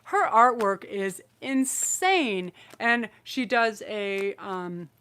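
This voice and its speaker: A woman's voice: medium pitch, expressive, extremely slow, fairly bright tone, clean tone. A woman hosting a live-streamed tarot reading, effusive and emotional, rambling through her messages with restarts. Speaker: tarot reader and channel host.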